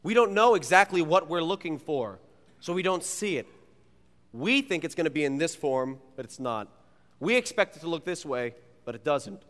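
Playful pastor preaching in an echoing hall. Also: male voice, a little high, normal speed. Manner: animated, playful storyteller. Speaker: youth pastor. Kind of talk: sermon with personal storytelling. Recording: long reverb of a large hall.

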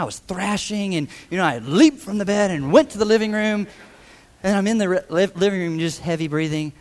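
A man preaching a sermon, telling a self-deprecating personal story with animated, humorous storytelling. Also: high voice, long reverb tail. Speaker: pastor.

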